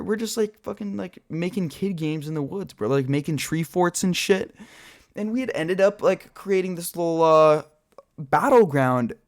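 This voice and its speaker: Young guy rambling thru a story, cussing a lot, kinda high voice, tons of likes and uhs. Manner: rambling, profane, full of filler words. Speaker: storyteller vlogger. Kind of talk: casual story time while gaming.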